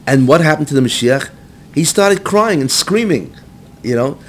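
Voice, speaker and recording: A rabbi teaches a Torah class to a live group, weaving Hebrew phrases into his English and often checking in with "right?" His intonation is lively and his pace moderate, and he rises nearly to a shout when acting out the text. A faint low rumble sits behind the recording.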